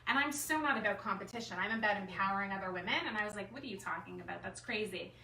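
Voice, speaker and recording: Chatty bright-voiced woman in an echoey room. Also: medium pitch, rapid-fire, creaky. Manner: chatty, animated storytelling full of "like" and self-quotes. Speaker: artist and designer speaking at a gathering. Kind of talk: personal story told to a group. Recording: echoey room, mic far off, faint room noise.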